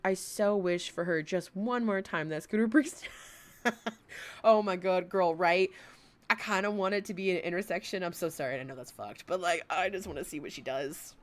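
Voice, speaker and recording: A woman hosting a livestream, reacting to a clip in blunt, profane, animated casual chat. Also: lowish voice, normal speed.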